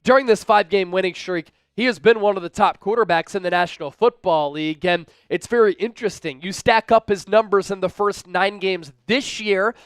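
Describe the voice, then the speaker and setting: A man's voice: high-pitched, fairly quick, hardly any pauses, a bit bright, clean tone, no room sound. A man hosting a live fan-channel football stream, breaking down the game and reading viewer super chats aloud with hype. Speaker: sports livestream host. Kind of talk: live fan-show commentary and chat shout-outs.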